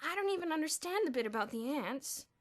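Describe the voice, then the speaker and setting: A woman's voice: sits high, animated, brisk, pitched above the performer's own voice. A woman voicing a bewildered boy who keeps pleading and insisting he did nothing wrong.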